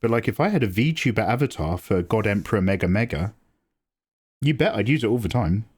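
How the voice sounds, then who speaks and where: A man in his forties chatting casually on a live drawing stream, animated and self-deprecating, swearing freely. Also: fairly quick, slightly rough. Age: 40s. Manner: mocks others with squeaky high voices. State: tearing up, emotional. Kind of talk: casual livestream chat. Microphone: desk mic, no camera.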